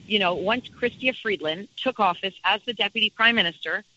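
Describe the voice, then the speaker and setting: A woman's voice: medium pitch, fairly quick, sharp tone, dull audio. A woman speaking as a campaign organizer, talking with passion and emphasis and repeating her key phrases. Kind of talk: impassioned interview talk.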